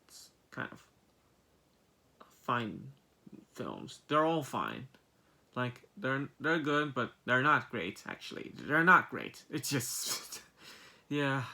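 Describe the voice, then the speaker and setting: Young man, casual movie review vlog, rambling, repetitive, exasperated rhetorical questions, bright tense voice. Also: mid-range voice, big pitch swings, takes it slowly, gravelly.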